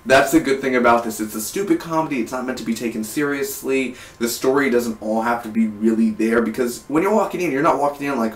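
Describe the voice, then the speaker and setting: Brief: young male film vlogger, enthusiastic and rambling, middle pitch, echoey room with the mic set back. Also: fast, hardly any pauses. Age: 20s. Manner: rambling, restarts sentences, enthusiastic. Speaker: film reviewer. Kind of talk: casual vlog review. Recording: roomy, distant from the mic.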